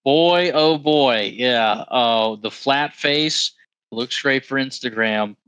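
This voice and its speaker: Slow-talking, bright-toned man co-hosting. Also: mid-range voice, smooth, dry recording, poor audio. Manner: unhurried, halting, with short agreements. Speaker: podcast co-host. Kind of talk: casual chat.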